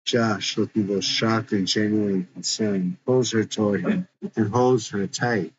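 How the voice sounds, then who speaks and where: A man's voice: fairly low pitch, fairly even intonation, measured pace. A man narrating a story script, reading the stage directions in a plain, matter-of-fact way, in a dull lo-fi recording.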